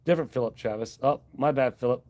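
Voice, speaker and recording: Hosting a laid-back live stream, this man talks fast in a mid-range voice, wandering amiably from topic to topic while he reads viewers' comments aloud and thanks them.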